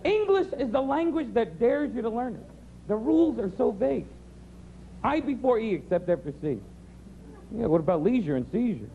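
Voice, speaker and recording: Animated high-voiced stand-up man. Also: moderate pace, vocal fry. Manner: animated observational riffing with sing-song mimicry. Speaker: stand-up comedian. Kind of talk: stand-up routine. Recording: dull 90s TV recording with crowd noise. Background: audience.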